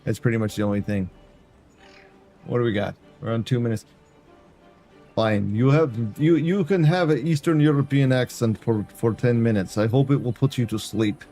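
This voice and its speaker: A man's voice: mid-range voice, fairly even intonation, normal speed, dark tone, soft background music. A man streaming a building game, chatting casually and talking to viewers by name as he plays. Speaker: variety streamer. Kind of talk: casual gameplay commentary.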